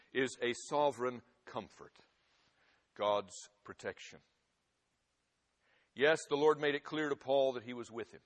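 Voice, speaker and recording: Guy preaching a sermon, big loud peaks then goes real quiet, long hall reverb. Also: medium pitch. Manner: dramatic swings from loud emphasis to hushed quiet.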